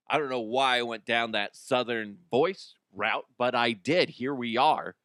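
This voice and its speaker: Man, comedy host, rambling monologue, crude self-mocking humor, a bit under the weather, mid pitch, dry recording. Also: unhurried, hardly any pauses, a bit bright, dry recording. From Colorado. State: a bit sick with flu. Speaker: podcast host.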